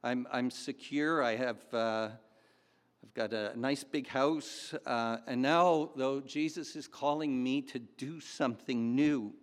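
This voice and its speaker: A man voicing an earnest, halting tax collector who keeps repeating himself in his gratitude. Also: medium pitch, close to an everyday voice. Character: grateful male tax collector answering a call. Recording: long hall reverb.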